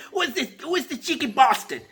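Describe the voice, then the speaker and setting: A man's voice: very high-pitched, gravelly, sharp tone, voice pushed up, full character voice. A man putting on a mock British accent to play a cocky, dismissive young man. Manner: cheeky, dismissive.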